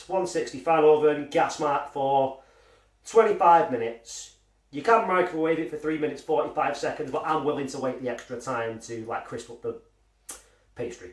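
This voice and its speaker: A man's voice: on the high side, normal speed, far from the mic. A man casually reviewing a frozen pie, rambling and swearing with self-mocking humour. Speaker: food reviewer. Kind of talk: casual food review vlog. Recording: echoey room, voice off mic.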